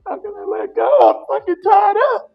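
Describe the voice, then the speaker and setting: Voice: very high voice, huge pitch swings, normal speed, recorded from a distance, highs cut off, soft background music. -. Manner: brief reactions and back-channel. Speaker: interviewer. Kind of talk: casual interview.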